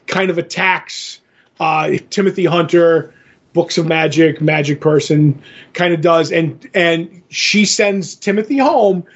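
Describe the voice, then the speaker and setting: A man's voice: fairly high pitch, husky, dull audio. A man co-hosting a podcast, casually retelling a comic issue in a rambling way full of fillers and restarts. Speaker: podcast co-host. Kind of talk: casual comic book recap.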